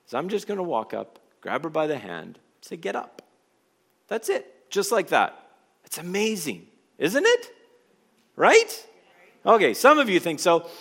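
Animated man preaching with a lively voice. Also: high-pitched. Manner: animated and conversational, asks the congregation questions. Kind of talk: sermon. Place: church before a congregation.

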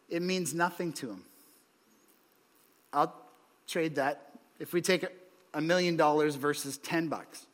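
An evening sermon in a church hall comes from a man whose voice is on the high side and sharp, echoing with long hall reverb. His delivery is conversational, marked by restarts and repeated "right?" asides.

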